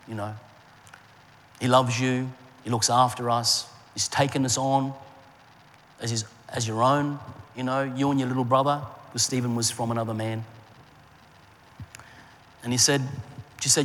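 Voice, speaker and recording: A middle-aged man preaching a sermon and telling a personal story, rising in pitch for emphasis and dropping low and soft in his memories. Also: steady tone, unhurried, pauses often. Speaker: pastor. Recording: long hall reverb, faint ambient noise.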